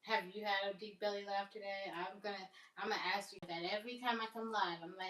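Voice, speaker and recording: Woman, live-stream chat, rambling, self-amused, mid pitch, echoey room, distant mic. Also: fairly even intonation, fast talker, few pauses, a bit bright. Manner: chatty, self-amused, laughs at own jokes.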